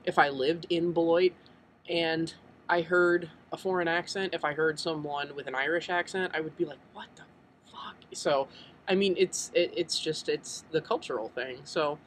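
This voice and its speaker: A man's voice: a little high, steady tone, moderate pace, fairly bright tone, a little hiss or hum, rough recording. A young American man chatting casually in a vlog, rambling and full of ums. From United States. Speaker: vlogger.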